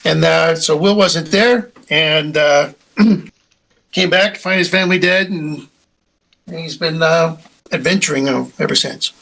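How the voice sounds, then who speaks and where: Male tabletop player with a gravelly, tense, slightly higher voice; rambling, keeps clearing his throat. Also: measured pace, fairly bright tone, rough recording. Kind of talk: casual game chat.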